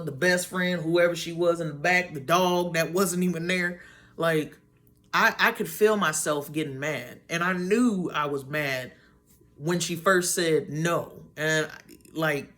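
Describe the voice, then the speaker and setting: Chatty young woman telling a dream story. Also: deep voice. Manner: animated, chatty storytelling full of "like" and restarts; acts out her own and others' lines in quotes. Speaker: vlogger.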